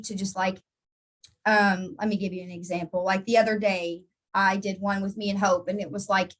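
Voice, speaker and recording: A woman with a mid-range voice gives a casual live training talk to her network marketing team. Chatty and encouraging, she answers viewers by name, often restarting and repeating words.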